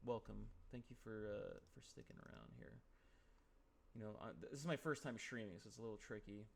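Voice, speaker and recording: A man's voice: lowish voice, a little fast, gravelly. A man streaming from home, improvising a comedic role-play scene in a casual, playful, profane way.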